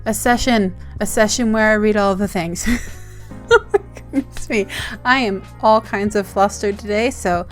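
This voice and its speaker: A woman's voice: mid-range voice, a little slow, soft background music. An Australian woman opening fan mail on her vlog in a bubbly, gushing, giggly and rambling way. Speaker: zine-maker vlogger.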